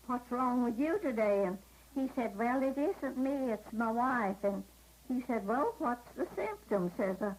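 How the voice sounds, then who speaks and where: A woman's voice: a little high, lively intonation, unhurried, husky, low-quality recording. An older woman telling folksy anecdotes in a drawling manner at home, laughing at her own punchlines. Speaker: storyteller. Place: living room of a home.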